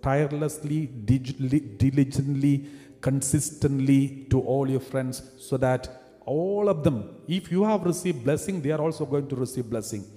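Priest preaching with call-and-response, echoing hall. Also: male voice, mid-range voice, normal speed, mellow. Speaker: Catholic priest. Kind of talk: sermon. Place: retreat centre chapel or hall. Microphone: livestreamed service mic. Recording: long reverb of a large hall, faint music.

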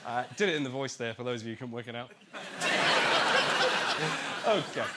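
A man doing a stand-up comedy set on a club stage, slow and deadpan between shrieked bits. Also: mid-range voice. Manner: deadpan, slow delivery with shrieked character voices. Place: comedy club stage before a laughing crowd. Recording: loud audience noise, live club.

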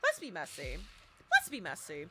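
A young woman streaming a horror game live, commenting excitedly and shouting repeated cheers and trash talk at her teammates. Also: fairly low pitch, moderate pace, background noise.

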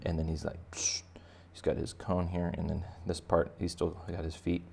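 Gravelly-voiced man teaching kids to draw. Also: low-pitched, monotone, normal speed, a little mellow, slight background noise. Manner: playful, chatty, talks to children directly. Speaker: art teacher. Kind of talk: step-by-step drawing lesson for kids.

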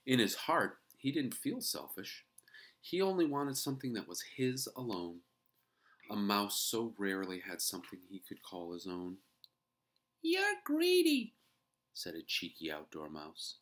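A woman reading a children's chapter book aloud in an expressive storytelling manner. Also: very deep voice, moderate pace.

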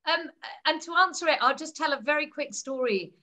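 A woman's voice: high voice, lively intonation, a little fast, sharp tone. A woman speaking as a co-author at a book launch, explaining ideas step by step in a storytelling way.

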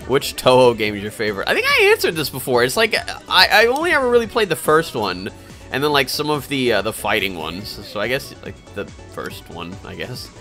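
A man's voice: medium pitch, wildly swooping pitch, brisk, bright, forceful tone. A young man live-streaming games, chatting casually and answering viewer questions in a rambling, hesitant way full of fillers and restarts. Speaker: game streamer. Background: faint game music.

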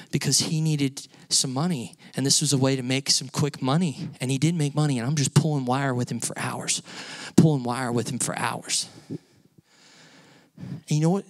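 A male pastor delivers a sermon as a personal story, talking like he's chatting with the congregation before pushing into emphatic, raised lines. His voice sits at an ordinary middle pitch. The sound is dry and close, with little room around it. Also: dry recording. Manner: storytelling, conversational, rising to emphatic peaks. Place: church sanctuary.

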